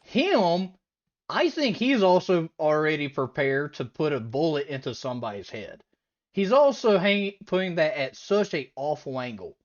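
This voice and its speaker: A woman hosting a reaction video, giving animated, incredulous commentary. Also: low voice, normal speed, dull audio. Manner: animated, incredulous, breaks into laughter.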